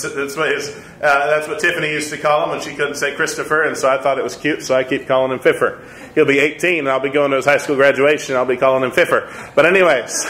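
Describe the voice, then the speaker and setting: Man, 30s, Sunday school teacher; bright voice, slightly high, echoey church room. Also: slight background noise. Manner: earnest, repeats points, chuckles at himself. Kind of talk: conversational Bible lesson.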